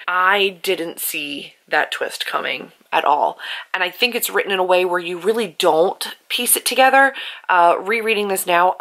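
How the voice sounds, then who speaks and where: A woman's voice: sits low, gravelly, bright, forceful tone, low-quality recording. A woman talking casually on her vlog about a book she is rereading, chatty and openly emotional, often saying "like". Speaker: author and book vlogger.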